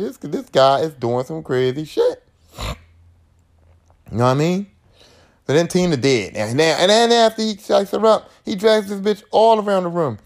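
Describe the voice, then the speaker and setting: High-voiced man recapping, profane. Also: normal speed, pauses often. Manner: animated, profane storytelling. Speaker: podcast host. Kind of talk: casual movie recap.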